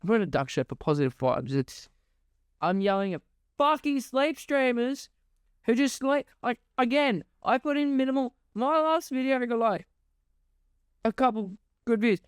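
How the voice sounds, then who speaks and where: A man's voice: very high voice, lively intonation, normal speed, smooth, no echo, studio quality. A young man, ranting sarcastically and swearing constantly on his podcast. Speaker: podcast host. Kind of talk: ranting monologue.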